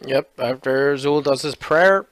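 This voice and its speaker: A man's voice: mid-range voice, a little slow, a bit bright, slight background noise. A man playing in a tabletop game, chatting casually and then announcing the schedule. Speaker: player and stream organizer. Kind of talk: casual tabletop role-play chat.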